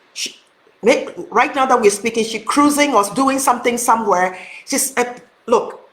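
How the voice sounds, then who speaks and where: A woman's voice: on the high side, a bit bright. Earnest woman giving a motivational talk. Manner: earnest, emphatic, addresses viewers directly. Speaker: host. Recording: roomy echo.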